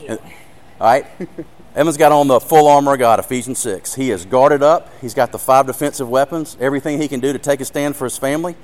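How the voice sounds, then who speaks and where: A man's voice: mid-range voice, a little fast, a little mellow. A man giving an earnest sermon with a live demonstration, speaking directly to his audience and growing emotional. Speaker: ministry speaker.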